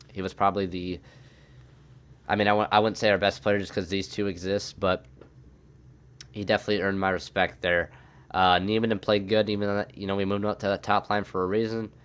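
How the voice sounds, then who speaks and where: A young man, a gaming YouTuber, talks through his own hockey video game season, thinking out loud and cursing when things go badly. His voice is low, a little bright, and clean in tone.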